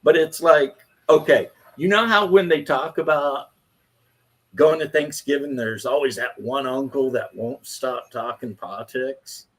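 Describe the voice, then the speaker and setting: A man's voice: medium pitch, unhurried. A man in his fifties hosting a casual chat, telling stories bluntly with profanity. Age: 50s. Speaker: host.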